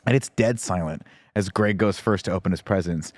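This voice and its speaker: A man co-hosting a podcast, telling lively stories and breaking into laughter. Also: deep voice, brisk, no echo, clean studio sound. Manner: animated storyteller who breaks into laughter. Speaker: podcast co-host. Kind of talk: casual chat.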